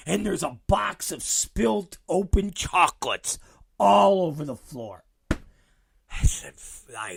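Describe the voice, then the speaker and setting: Profane, animated male storyteller. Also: fairly high pitch, takes it slowly, creaky, breathy edge. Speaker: podcast host. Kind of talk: storytelling monologue.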